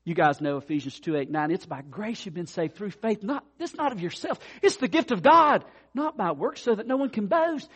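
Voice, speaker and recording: A man preaching a sermon, swinging from quiet asides to loud declarations. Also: high-pitched, sing-song, normal speed, hardly any pauses, breathy edge. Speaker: pastor.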